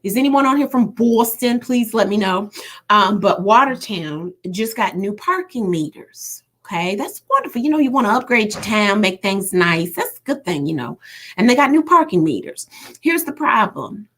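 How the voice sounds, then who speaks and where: A woman's voice: medium pitch, normal speed. A woman hosting a casual livestream, reading viewer comments aloud with teasing humor. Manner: animated, teasing, laughs often. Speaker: livestream host. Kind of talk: casual live-stream chat reading comments.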